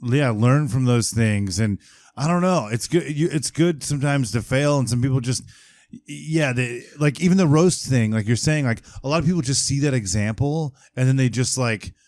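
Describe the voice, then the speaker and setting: A man's voice: medium pitch, moderate pace, darkish tone, no echo, studio quality. A man who is a guest on a podcast, talking casually and hesitantly, with many fillers. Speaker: podcast guest, co-host of a restaurant podcast.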